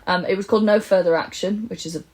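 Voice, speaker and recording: A woman's voice: mid-range voice, steady tone, fast talker, poor audio. A British woman co-hosting a comedy true crime podcast, retelling events in casual chat and swearing freely with outraged emphasis.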